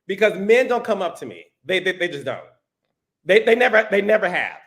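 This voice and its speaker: A man hosting a podcast and telling a story in a casual, animated way, often repeating words. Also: high-pitched, fairly quick. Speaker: podcast host. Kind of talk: casual chat.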